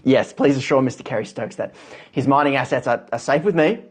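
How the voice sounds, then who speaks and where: A man's voice: mid-range voice, a little fast, slightly rough, close to an everyday voice. A man voicing a flustered male news anchor in a satirical sketch, stammering and apologetic. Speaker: comedy sketch performer.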